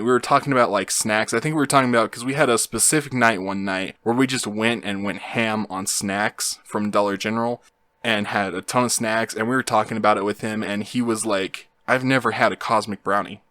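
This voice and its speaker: A young man tells a story in an easygoing, rambling way, full of fillers. His voice sits a little low. The recording is close and dry, with no room sound. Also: fairly bright tone, dry recording. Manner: rambling, laid-back, lots of fillers. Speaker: YouTube host. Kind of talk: casual storytelling.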